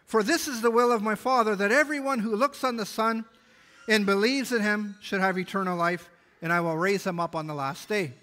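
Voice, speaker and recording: A man's voice: high voice, fairly quick, pushed and bright. A man pastor preaching a sermon, reading scripture aloud and explaining it earnestly. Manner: earnest Bible exposition, reading scripture aloud with small restarts.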